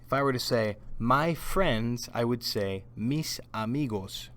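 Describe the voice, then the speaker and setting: A man's voice: mid-range voice, unhurried, fairly bright tone. A man teaching Spanish vocabulary in a scripted lesson, patiently repeating each word for learners to echo. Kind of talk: slow scripted language lesson.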